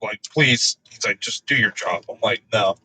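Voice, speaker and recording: A man telling crude work stories in casual chat, laughing often and delivering his own quoted replies deadpan. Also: fairly low pitch, normal speed, slight background noise, low-quality recording.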